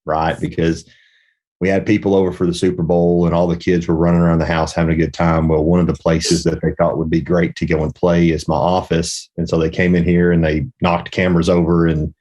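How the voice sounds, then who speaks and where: A man with a very low voice talks casually as a podcast host. He tells a personal story in a rambling, reflective way, restarting sentences as he thinks aloud. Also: little pitch movement, brisk, a little mellow.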